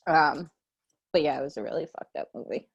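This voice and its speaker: Animated woman telling a story, slangy. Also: fairly quick, creaky, husky, dull audio. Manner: animated storytelling, slangy, jumps to high excited pitch when quoting herself. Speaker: podcast co-host. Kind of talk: casual chat.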